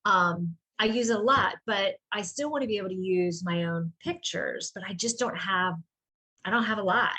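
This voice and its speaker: A woman who runs a small business, chatting casually on a group video call and telling a rambling, animated story. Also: mid-range voice, normal speed.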